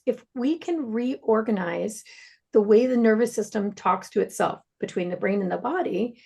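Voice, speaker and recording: Animated, gravelly-voiced woman. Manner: animated storyteller, swings pitch widely. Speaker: practitioner. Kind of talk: storytelling in a panel conversation.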